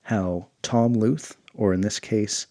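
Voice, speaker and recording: A man's voice: fairly low pitch, steady tone, takes it slowly, mellow. A man hosting a comics channel, reading a comic aloud with enthusiastic, chatty asides.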